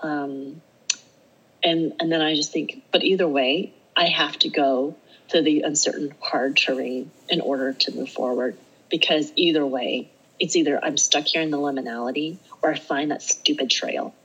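A woman's voice: low voice, fairly even intonation, moderate pace, a bit bright, slightly rough, highs cut off. A middle-aged woman, a podcast guest, telling a story in casual conversation. She acts out her own self-talk and laughs often as she speaks. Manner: laughs often while talking.

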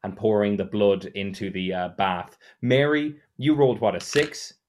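A man's voice: on the low side, expressive, normal speed, a little mellow, a little hiss or hum. A man narrating as game master, hesitant with many fillers. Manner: rambling, hesitant, full of fillers.

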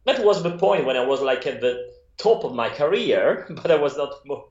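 A man's voice: mid-range voice, very animated, moderate pace. Italian man chatting, echoey dull sound. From Italy. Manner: rambling, many restarts and laughs. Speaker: guest photographer. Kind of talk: casual interview chat.

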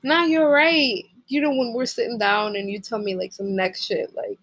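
A woman's voice: a little high, steady tone, normal speed, a bit bright, no echo. A young woman co-hosting a casual couple podcast, frank and playful, with frequent giggles. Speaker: podcast co-host.

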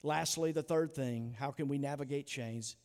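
A pastor delivering an earnest, emphatic sermon full of rhetorical questions. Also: male voice, mid-range voice, normal speed, a little mellow, long reverb tail. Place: church sanctuary.

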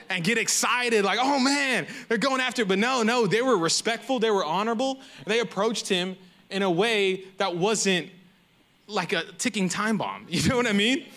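High bright-voiced preacher man. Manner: conversational, animated storytelling. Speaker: pastor. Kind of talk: sermon.

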